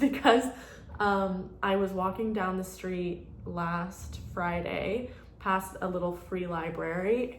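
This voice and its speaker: A woman's voice: mid-range voice, roomy sound, a little hiss or hum. A woman around thirty chatting casually in a rambling vlog, full of "like" fillers. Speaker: vlogger. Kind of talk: casual chat.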